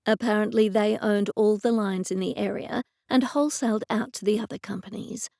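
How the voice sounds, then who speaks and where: A woman's voice: mid-range voice, fairly even intonation, fairly quick, gravelly, mellow, no echo. A woman narrating an audiobook in the first person, telling the story in a dry, exasperated way.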